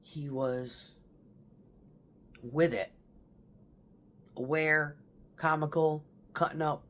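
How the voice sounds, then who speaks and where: A woman's voice: low-pitched, fairly even intonation, extremely slow, fairly bright tone. A woman talking casually to camera about her stepfather's last days, rambling and emotional, with casual swearing. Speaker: vlogger. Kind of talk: casual personal storytelling.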